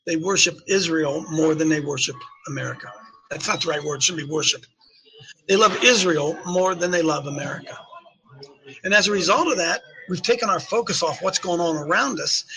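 A man hosting an opinionated talk show, speaking in a slightly raised register with a bright, forceful edge. He hammers his points by repeating them and throws rhetorical questions at his audience. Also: high voice, low-quality recording. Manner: emphatic, repeats phrases, fires rhetorical questions. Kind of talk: opinionated talk radio commentary.

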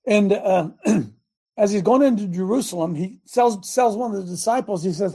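A man's voice: high-pitched, moderate pace, dark tone, husky. A man in his sixties preaching a sermon in a folksy, impassioned way and repeating lines for emphasis. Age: 60s. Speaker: preacher and show host.

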